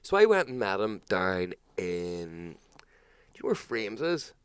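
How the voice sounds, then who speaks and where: A man with a Northern Irish accent hosting a talk show, telling a story in an animated, sweary, casual way. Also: lowish voice, slow pace, clean tone, no echo, clean studio sound. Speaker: podcast host.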